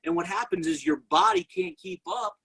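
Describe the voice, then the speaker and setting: A man giving an energetic motivational sales testimony and talking straight to his audience as a network marketing presenter. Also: very high-pitched, moderate pace, creaky, poor audio.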